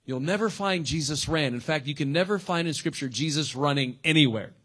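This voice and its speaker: A man's voice: a little high, lively intonation, brisk, fairly bright tone. A man preaching a sermon as pastor in a conversational, slangy way, acting out quotes and everyday exchanges.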